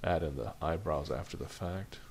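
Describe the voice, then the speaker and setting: A man's voice: very deep voice, moderate pace, a little hiss or hum. A man teaching an animation lesson, chatting loosely and thinking aloud while he demonstrates drawing. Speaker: animation instructor.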